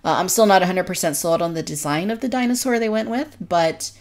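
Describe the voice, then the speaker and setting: A woman's voice: fairly low pitch, fairly quick. A woman co-hosting a casual podcast discussion, reviewing in an earnest, detailed way. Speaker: podcast co-host.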